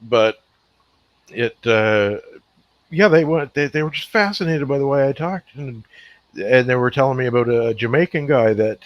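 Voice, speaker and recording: A man's voice: mid-range voice, expressive, moderate pace, no room sound. A man from Scotia, co-hosting a podcast in casual, rambling, stop-start chat. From Nova Scotia, Canada. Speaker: podcast co-host. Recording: dull lo-fi, dry.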